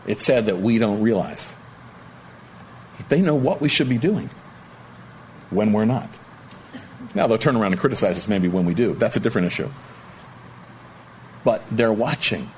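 A man preaching a conversational sermon, teaching verse by verse and jumping up in pitch to voice quotes. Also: a little hiss or hum. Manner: animated, conversational, jumps to high pitch for quotes. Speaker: pastor. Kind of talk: sermon, expository Bible teaching.

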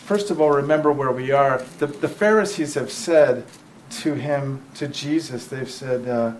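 A man preaching a sermon in a conversational way, often checking in with the listeners and reading scripture aloud slowly and with feeling. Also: mid-range voice, slight background noise, rough recording.

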